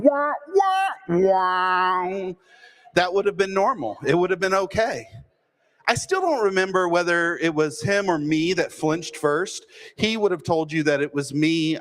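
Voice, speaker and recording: A man from Texas, telling a humorous personal story with self-deprecating, deadpan timing. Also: fairly high pitch. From Fort Worth, Texas.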